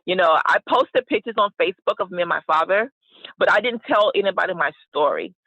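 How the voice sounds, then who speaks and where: Woman, interview guest, animated storytelling, acts out quotes, tinny phone-like sound, dry. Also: lowish voice, a little fast, dry recording. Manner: animated, acts out quoted voices, many fillers. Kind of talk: emotional personal storytelling.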